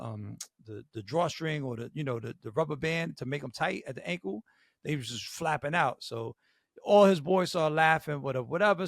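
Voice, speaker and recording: Gravelly-voiced man telling an animated story. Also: fairly high pitch, no echo, clean studio sound. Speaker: podcast co-host. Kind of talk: storytelling on a podcast.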